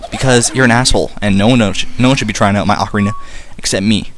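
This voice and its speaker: A man's voice: lowish voice, steady tone, quick pace, a little hiss or hum, close to an everyday voice. A mischievous imp sneers and taunts in a sly, giggly voice, put on by a man playing a game. He sounds creepy and pleased with himself. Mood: taunting. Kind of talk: let's play voice acting.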